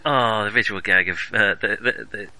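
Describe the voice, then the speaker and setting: A middle-aged man co-hosting a casual film chat, animated and quick to laugh at himself. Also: fairly low pitch, dry recording, low-quality recording. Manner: animated, laughs easily, self-deprecating. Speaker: podcast co-host.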